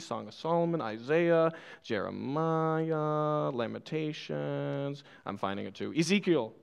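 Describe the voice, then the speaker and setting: Laughing young preacher with a smooth voice. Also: male voice, on the high side. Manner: playful, laughs often, self-deprecating. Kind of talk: sermon with personal stories. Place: church.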